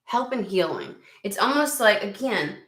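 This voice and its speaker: A woman's voice: medium pitch, big pitch swings, moderate pace, fairly bright tone. Blunt, chatty woman in an echoey room. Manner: chatty and blunt, swears freely. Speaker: tarot reader. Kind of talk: casual spoken tarot reading.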